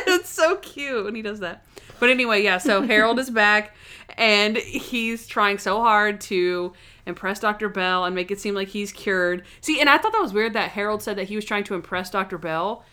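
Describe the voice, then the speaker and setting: A young woman in casual chat, recapping a TV episode, acting out scenes in quick voices and laughing often. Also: mid-range voice, bright, forceful tone, smooth.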